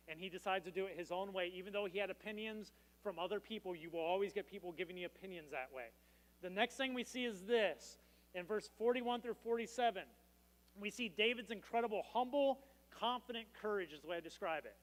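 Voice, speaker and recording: Guy pastor with a pretty high voice, jokey and casual, long echo off the church hall. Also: fairly quick, fairly bright tone. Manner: casual, joking storytelling. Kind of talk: sermon.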